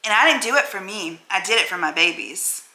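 Woman vlogger, bright forceful voice, candid and blunt, swears freely, roomy echo. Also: medium pitch, animated, a little fast, a little hiss or hum. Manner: emotional, blunt and self-affirming, cusses freely. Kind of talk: candid talking-to-camera vlog. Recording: roomy echoey room.

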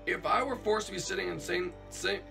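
A man's voice: sits high, a little fast, creaky, music in the background. A man voicing a jittery failed cop turned night guard in a hobby plush video, stammering and repeating himself in panic. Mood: alarmed.

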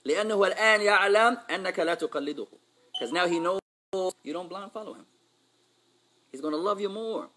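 A man teaching a class, his voice bright and forceful and a little higher than most men's. He jumps between Arabic and English, quizzes the room and slips in playful street slang. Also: a little hiss or hum. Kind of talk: Islamic class lesson.

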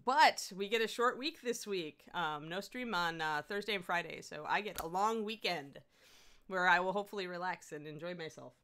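A woman's voice: normal speed, bright, forceful tone, clean tone. A woman hosting a casual livestream, chatty and giggly, rambling about her week. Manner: chatty, giggly, talks to her dog in high baby voice. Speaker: host.

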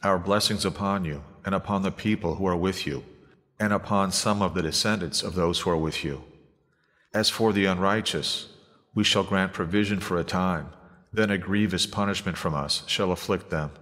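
A man's voice: sits low, moderate pace, fairly bright tone. A man reading as a stern divine voice. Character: stern divine voice, commanding and grave. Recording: long hall reverb.

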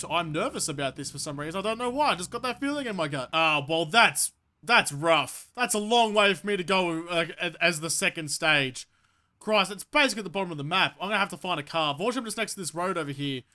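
A man narrating his own battle royale match in a high, bright, sharp voice. He swears constantly and moves from nervous muttering to furious shouting. It is loose, excitable gameplay commentary. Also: fast. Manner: profane, excitable, swings to angry shouting. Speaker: gaming YouTuber.

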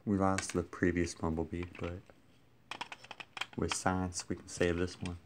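A man filming a casual vlog on his phone, muttering in a deadpan, self-mocking way. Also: sits low, measured pace, background noise. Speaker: vlogger. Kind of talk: casual toy unboxing vlog. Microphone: phone camera.

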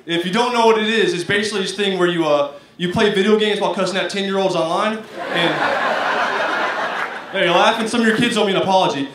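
High-voiced rambling young male comedian. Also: fast talker, fairly bright tone. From Arkansas, United States. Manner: rambling, self-mocking, many fillers. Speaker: stand-up comedian. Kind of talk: stand-up comedy set. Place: comedy stage. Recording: echoey room from far, clear noise.

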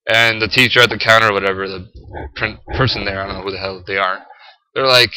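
A teenage high school boy ranting to camera, profane and exasperated, full of "like" and "freaking". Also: steady tone, fast talker, sharp tone, a little hiss or hum, rough recording. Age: teens. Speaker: high school student vlogger.

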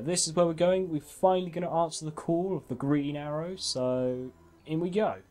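A man's voice: medium pitch, a little mellow. Chatty man doing game commentary. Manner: chatty and self-mocking, laughing often. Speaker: game walkthrough host. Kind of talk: casual gameplay commentary.

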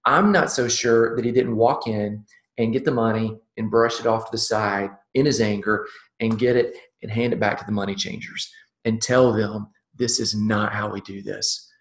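A man's voice: lowish voice, fairly even intonation, normal speed. A man giving a conversational sermon-style talk at a ministry summit, earnest, often restarting sentences and checking in with "okay?". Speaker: speaker at a youth ministry summit. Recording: roomy echo.

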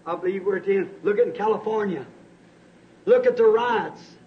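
A male preacher delivering a sermon, telling a story with many repeated "said"s and swinging from hushed tones to shouts. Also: high-pitched, moderate pace. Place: church service. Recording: dull lo-fi archive tape with faint hiss.

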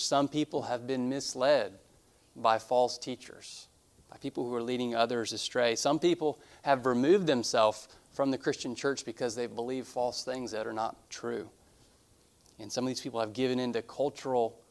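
A man preaching a sermon as a pastor in a church, earnest and emphatic, repeating key phrases. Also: medium pitch. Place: church sanctuary.

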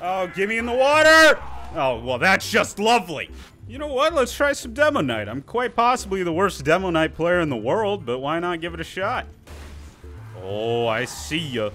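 A man's voice: high voice, sharp tone. A young man giving casual, playful commentary over his own gameplay, joking and talking to enemy players. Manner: playful, talks to enemy players, jokey asides. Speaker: gaming YouTuber.

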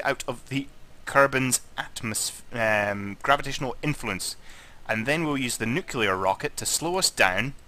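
A Scottish man, drunk, giving rambling, excitable let's play commentary as a gaming channel host and swearing a lot. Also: mid-range voice.

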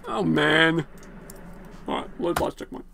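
A man giving casual, jokey commentary while playing a video game, excitable and sweary. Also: a little high, measured pace, vocal fry, slight background noise. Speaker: let's play gamer. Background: game music and sounds.

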